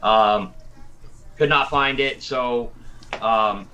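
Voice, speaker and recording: A man's voice: mid-range voice, extremely slow, bright, forceful tone, muffled recording, slight background noise. A man from Tennessee hosting a casual livestream show, talking in an easygoing way, full of fillers and repeated words. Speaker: podcast host.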